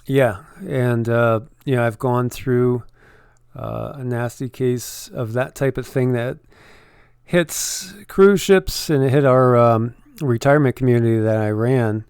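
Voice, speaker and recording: A man's voice: medium pitch, unhurried, a little mellow, clear, resonant tone, no room sound, clean studio sound. A man co-hosting an online channel, giving casual, rambling commentary on news figures and filling his talk with "you know" and restarts.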